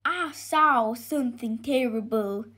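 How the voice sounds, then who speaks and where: A woman's voice: on the high side, takes it slowly, husky, heavily acted. Woman doing a frightened storybook shepherd. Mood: alarmed. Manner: alarmed and excited. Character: frightened grown male shepherd.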